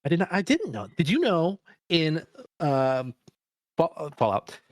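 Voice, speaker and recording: A man co-hosts a podcast in loose, casual chat and slips into put-on voices as he jokes. His pitch swoops up and down in a very lively way. The sound is close and dry. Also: measured pace, no echo. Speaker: podcast co-host.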